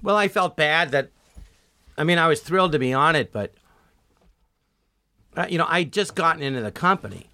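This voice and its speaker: Male comedian guest; lively anecdote teller who acts out quotes, bright and forward. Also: on the high side, moderate pace, long pauses, no echo, clean studio sound. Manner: animated, acts out quoted dialogue with many "I go"s. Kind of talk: storytelling in a podcast interview.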